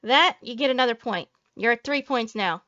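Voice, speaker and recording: A woman's voice: fairly high pitch, lively intonation, normal speed, pushed and bright, no room sound, muffled recording. A woman VTuber giving a salty, profane reaction commentary, ranting and joking at her viewers. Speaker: VTuber streamer.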